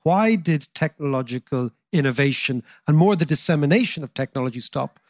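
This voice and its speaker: A man hosting a podcast interview, telling stories in an animated, emphatic way. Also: a little high, fairly quick, no room sound, studio quality. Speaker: podcast host. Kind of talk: conversational interview.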